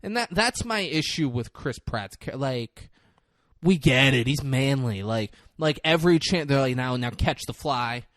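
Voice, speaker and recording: A man's voice: medium pitch, expressive, a little slow, a bit bright, dry recording, clean studio sound. A man casually recapping a movie on a podcast, crude and mocking, acting out the characters' lines. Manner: crude, mocking retelling with quoted voices. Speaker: podcast co-host.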